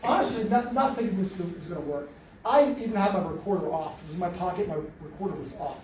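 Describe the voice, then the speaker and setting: A man telling an animated, joking story to an audience, acting out what people said. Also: sits high, quick pace. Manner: animated storyteller, jokey, acts out quotes. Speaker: Bigfoot researcher giving a library talk. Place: library meeting room. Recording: roomy hall, mic at a distance, faint noise.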